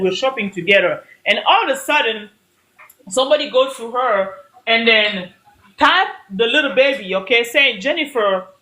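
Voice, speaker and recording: This woman, a host and mom coach, speaks in a motivational live stream that is audio-only from her phone. She greets viewers by name and drives her points home again and again, earnest and preachy. Her medium-pitched voice is a bit bright, over a slight hiss or hum.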